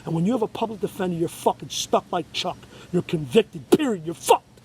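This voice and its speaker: A man delivers a long, agitated monologue, swearing freely and circling back on himself. His voice sits somewhat high for a man. A faint hiss of noise runs underneath. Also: expressive, brisk, darkish tone, poor audio. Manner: profane, agitated, rambling. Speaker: show host. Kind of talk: ranting monologue.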